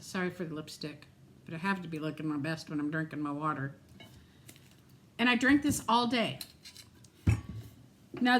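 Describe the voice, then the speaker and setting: A middle-aged woman talks to her camera in a relaxed, chatty way, laughing easily as she goes. Her voice sits at an ordinary middle pitch. A faint noise runs under the recording. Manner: chatty, animated, laughs often. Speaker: vlogger. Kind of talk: casual chat.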